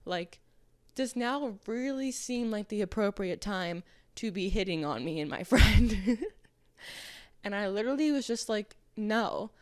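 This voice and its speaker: A woman's voice: mid-range voice, expressive, a little slow, dry recording. A young adult woman hosting a podcast, telling candid stories in a chatty way and acting out what people said. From Arizona, US. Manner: chatty and candid, heavy "like" filler, acts out quoted people. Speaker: podcast host. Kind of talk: casual solo podcast monologue.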